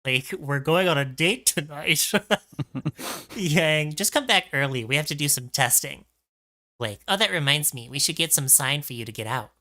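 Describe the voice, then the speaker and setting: A giggly co-host reads fan fiction aloud with playful mock-drama. The voice is bright and forceful, sitting at an ordinary pitch. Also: moderate pace. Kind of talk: comedic dramatic reading.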